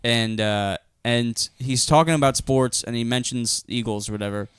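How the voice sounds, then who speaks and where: A young man co-hosting a casual podcast, deadpan and dry, breaking into laughter as he tells stories. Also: medium pitch, normal speed, smooth, dry recording. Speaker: podcast co-host. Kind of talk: casual chat.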